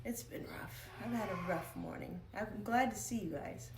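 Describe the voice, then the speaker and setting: A woman's voice: medium pitch, moderate pace, vocal fry, reverberant, distant mic, background noise. A tired woman streaming live, chatting casually and cooing baby talk at her pet.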